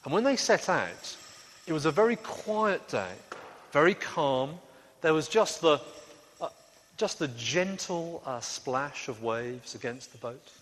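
A man leading a lively, interactive Bible story for a congregation, coaxing the crowd into sound effects. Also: fairly high pitch, unhurried. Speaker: preacher leading a children's talk. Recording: echoey hall with faint ambience.

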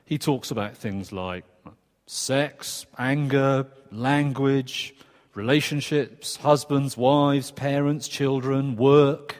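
A man delivers a sermon in an earnest, conversational way, stopping for quick asides and restarting his phrases as he goes. His voice sits in an ordinary middle register. The recording carries the long, lingering reverb of a church hall. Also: mid-range voice. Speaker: preacher.

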